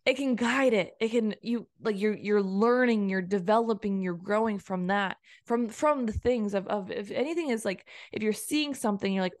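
A woman's voice: mid-range voice, normal speed, hardly any pauses, a little mellow, dry recording, studio quality. A woman coach talking casually on her own podcast, rambling and repeating phrases as she quotes her own self-talk. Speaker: personal development coach and podcaster. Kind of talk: casual solo podcast monologue.

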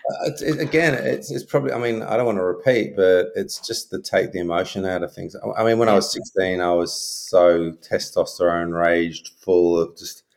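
A middle-aged man with a very low voice tells stories from his own life. He talks as an interview guest, frankly and loosely, full of ums and restarts. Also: normal speed, vocal fry, few pauses, a little mellow, a little hiss or hum. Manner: frank, anecdotal, many fillers and restarts. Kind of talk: reflective storytelling.

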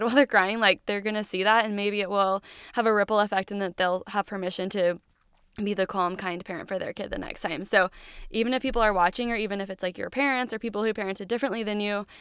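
A woman in her thirties talks through parenting advice as a podcast host, earnest and encouraging, with a chatty, filler-laced flow. Her voice comes through exceptionally smooth and clean, with a dry, close sound and no room around it. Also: medium pitch, a bit bright, no room sound. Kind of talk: casual parenting advice monologue.

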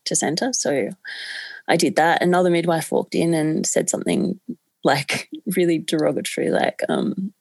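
Woman, chatty, low voice, fry, dry room. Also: sing-song, moderate pace, no echo. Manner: candid, chatty, many fillers. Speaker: podcast guest. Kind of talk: casual storytelling.

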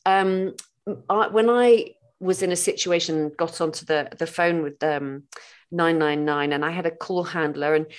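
A woman's voice: deep voice, steady tone, measured pace, smooth. A woman hosting a podcast interview, talking thoughtfully with many restarts. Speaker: podcast host. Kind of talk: casual conversational interview.

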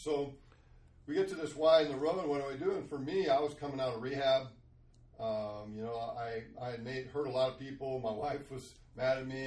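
A man's voice: mid-range voice, reverberant, distant mic, slight background noise, poor audio. A man telling his own story candidly as a guest, in an earnest, confessional way with frequent restarts. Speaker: guest sharing his testimony.

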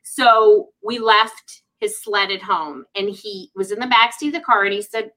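A middle-aged woman in lively casual conversation, often adding "right?" and "you know". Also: mid-range voice, measured pace, hardly any pauses, rough recording. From United States. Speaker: guest speaker on parenting and mental health.

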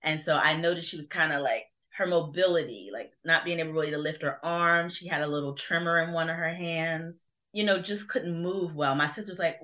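With a deep, sharp-toned voice moving a little fast, a middle-aged guest from Burlington, New Jersey, talks through her personal faith journey. She's earnest and reflective, uses plenty of fillers, and the audio is dull and lo-fi.

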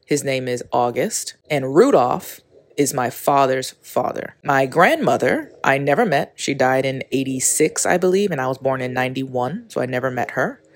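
A woman's voice: rumbling low, lively intonation, normal speed. A woman in her thirties hosting her own podcast, talking candidly and rambling with many fillers, recorded on a phone outdoors. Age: 30s. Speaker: podcast host. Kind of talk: casual spoken intro and monologue. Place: outdoors on a walk or in a park.

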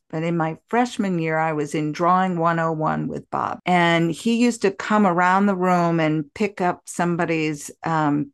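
An older woman in her sixties hosts a podcast conversation and tells her stories with lively expression. Her voice sits fairly low for a woman. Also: smooth. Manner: animated, expressive storyteller. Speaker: podcast host. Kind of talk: conversational storytelling interview.

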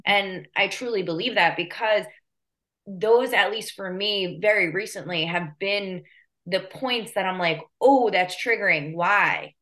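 A woman's voice: mid-range voice, unhurried, fairly bright tone. A woman hosting a casual conversation, reflective and chatty, often checking that her guest follows. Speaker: podcast host.

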